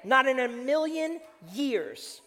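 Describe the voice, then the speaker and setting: A preacher playing stubborn, loud doubting Thomas. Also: male voice, very high-pitched, expressive, slow, pitched above the performer's own voice, full character voice. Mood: defiant. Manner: emphatic, insistent refusal. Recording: long hall reverb.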